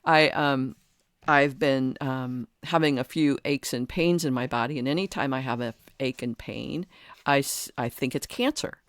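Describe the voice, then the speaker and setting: A woman's voice: extremely low pitch, moderate pace, no echo, clean studio sound. A woman hosting a solo podcast, thinking aloud earnestly with many restarts and fillers. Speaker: podcast host and coach. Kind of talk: reflective solo podcast talk.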